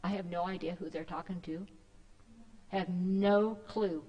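A woman's voice: fairly low pitch, steady tone, moderate pace, lo-fi sound. Chatty woman in a reverberant church hall. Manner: chatty, rambling, with many fillers and restarts. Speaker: guest speaker. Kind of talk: casual talk to a church group.

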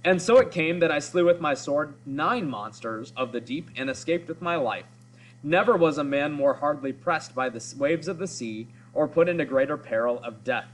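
A man's voice: a little high, animated, moderate pace, a little hiss or hum, natural voice, poor audio. A man reading the lines of a proud, boastful male hero in solemn, old-fashioned speech. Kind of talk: read-aloud of a story.

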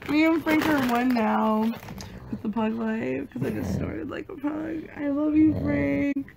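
A woman's voice: high-pitched, a little slow, gravelly, background noise. A young woman vlogging casually, gushing in baby talk to her dog and laughing often. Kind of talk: casual vlog.

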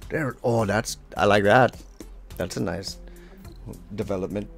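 A man's voice: on the low side, measured pace, vocal fry, faint music behind. A man leading a casual draw-along lesson, talking as he draws, playful and rambling with self-mocking asides. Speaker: drawing instructor.

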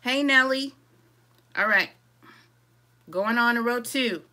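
Speaking slowly in a fairly high voice, a woman runs a live crochet-along, keeping things casual and chatty. She greets viewers by name and reads out their comments while working, calling them "y'all" in a relaxed way.

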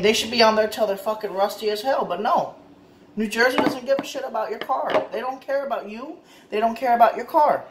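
A man's voice: sits high, roomy sound, a little hiss or hum. A man ranting in a casual vlog, frustrated and repetitive, swearing often. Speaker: car owner vlogger.

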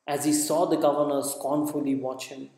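A man reading a dramatic story aloud, measured and steady, sometimes tripping over a word and starting it again. His voice sits a little high. The recording carries heavy echo with a long hall-like tail. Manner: measured reading with occasional slips and restarts. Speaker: audiobook narrator. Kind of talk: dramatic narration. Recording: echoey reverberant room.

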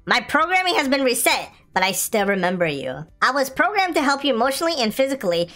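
A woman voicing a calm female android doll with a flat, measured, robotic delivery, reading game dialogue. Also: high voice, full character voice.

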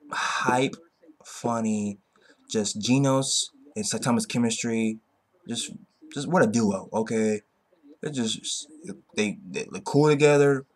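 Excitable man rambling through a review. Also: mid-range voice. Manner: excitable, rambling, keeps tagging "okay?"; swears freely. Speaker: anime reviewer. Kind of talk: casual episode review.

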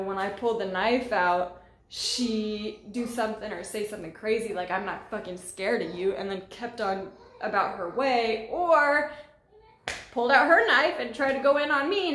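A young woman telling a story in casual vlog style, animated and profane, acting out the voices of others. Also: medium pitch. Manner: animated, profane, acts out quoted dialogue. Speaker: vlogger. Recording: echoey room.

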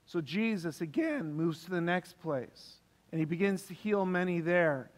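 A man's voice: high voice, expressive, measured pace. A man preaching a sermon as pastor, emphatic and repeating key phrases for stress. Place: church hall. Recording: long reverb of a church hall.

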